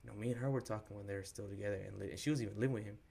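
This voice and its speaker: A young man with a low voice tells a personal story on a podcast. His delivery stays flat and level as he talks in candid, slangy, cuss-heavy speech, acting out what each person said. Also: racing, gravelly, breathy edge. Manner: slangy, profane, frank retelling with quoted dialogue. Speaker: podcast co-host.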